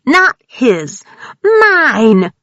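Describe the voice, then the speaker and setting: A woman's voice: sits high, huge pitch swings, extremely slow, fairly bright tone, no echo, lo-fi sound, voice pushed up, heavily acted. A woman voicing a feral, possessive female monster with shark eyes, screeching her lines in an audiobook.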